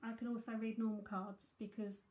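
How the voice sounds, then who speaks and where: A woman's voice: mid-range voice, little pitch movement, fairly quick, darkish tone. Chatty South London woman in an echoey room. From South London, England. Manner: chatty, breezy, full of fillers and asides. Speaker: psychic medium and tarot reader. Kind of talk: live-streamed psychic reading and chat.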